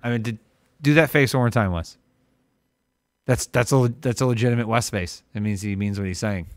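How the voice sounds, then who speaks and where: A man's voice: medium pitch, a little fast, no echo, clean studio sound. A man from Ohio co-hosting a casual live-stream chat, joking and riffing with his co-host. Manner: joking, riffs into loud impressions.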